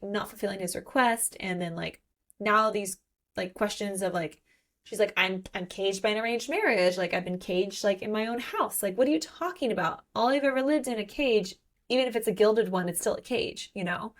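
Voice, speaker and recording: A woman co-hosting a casual book podcast, retelling the plot and acting out the characters' lines in quick, animated bursts. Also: mid-range voice. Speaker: podcast co-host.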